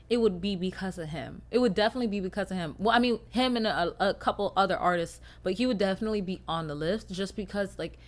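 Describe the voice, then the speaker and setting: Animated swearing young woman podcaster. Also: medium pitch. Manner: animated, swings from loud rants to quiet mumbles; swears freely. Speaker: podcast host. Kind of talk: casual solo podcast chat.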